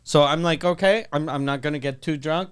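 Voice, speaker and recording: A man with a fairly high voice and a Quebec accent tells a rowdy anecdote on a comedy podcast. He swears freely and acts out the lines of the people in his story. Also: fairly quick, clean tone. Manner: profane, animated storyteller acting out quotes. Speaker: podcast host. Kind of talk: casual storytelling chat.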